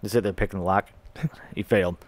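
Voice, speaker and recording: A man co-hosts a casual podcast, telling jokes and recounting stories with animation. His voice is fairly low. The recording is dry and close. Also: little pitch movement, fast talker, no echo. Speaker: podcast co-host.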